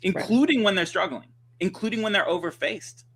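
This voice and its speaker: A man speaking as a guest dog trainer on a livestream, telling stories in an animated, conversational way with quick restarts. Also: high voice, slightly rough. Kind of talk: casual conversation. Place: livestream video call.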